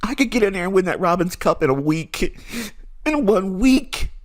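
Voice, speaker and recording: A man's voice: high-pitched, animated, fast. A middle-aged man speaking as a trading mentor, giving an earnest, preachy, emphatic monologue to his viewers.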